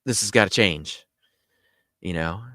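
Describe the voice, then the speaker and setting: A man's voice: low voice, unhurried, sharp tone, no room sound, clean studio sound. A man voicing a panicked young male soldier who stammers anxiously while retelling a story.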